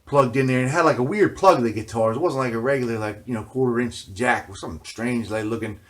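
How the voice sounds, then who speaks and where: A man's voice: mid-range voice, fast, a bit bright. Middle-aged male host, loose rambling monologue, filler-heavy and profane. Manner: casual, constantly says "you know what I mean", swears freely. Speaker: video journal host.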